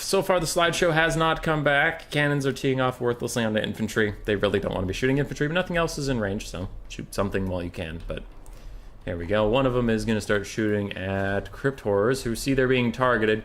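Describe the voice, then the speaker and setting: A young man with a slightly low voice calls a strategy game match in a loose, chatty way. He drifts between play-by-play and off-topic banter, swearing casually. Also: a little hiss or hum. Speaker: game caster. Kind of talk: casual esports commentary.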